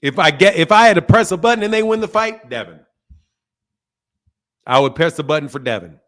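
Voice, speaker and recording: High-voiced man ranting about boxing. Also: lively intonation, a little fast, a bit bright. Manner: blunt, repetitive, profane, ranting at viewers. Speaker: boxing channel host. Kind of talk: heated casual boxing commentary.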